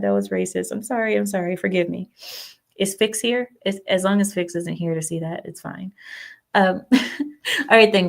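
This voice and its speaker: Gravelly-voiced woman hosting a casual stream. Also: on the low side. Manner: chatty, rambling, opinionated, talks back to chat. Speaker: livestream host. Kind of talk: casual political chat with viewers.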